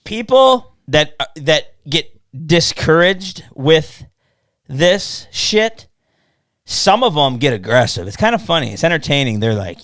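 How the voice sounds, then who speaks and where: A man hosting a casual podcast chat, telling stories loudly, cursing often, and mimicking people he quotes. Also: a little high, unhurried, no echo, studio quality. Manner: profane, animated storytelling with mocking quoted voices. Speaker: podcast host.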